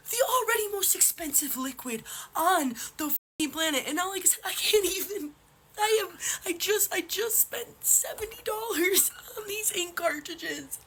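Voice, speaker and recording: A woman's voice: very high voice, lively intonation, moderate pace, fairly bright tone, slight background noise. Tearful furious woman ranting. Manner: furious, profane, voice breaking. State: crying. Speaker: social media poster. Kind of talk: ranting selfie video.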